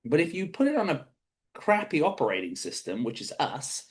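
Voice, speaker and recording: A man, a golf professional, giving a motivational webinar talk in an animated, emphatic, conversational way. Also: moderate pace. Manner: animated and emphatic, with sudden rises in pitch; conversational, with frequent restarts and "right?" tags.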